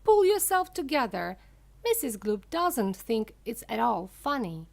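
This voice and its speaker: A woman playing an excitable, eccentric storybook candy maker who teases and exclaims. The voice is raised and bouncy, with leaps of pitch, delivered at an unhurried pace. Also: gravelly, exaggerated voice. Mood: playful. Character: giggling eccentric man, playful candy maker.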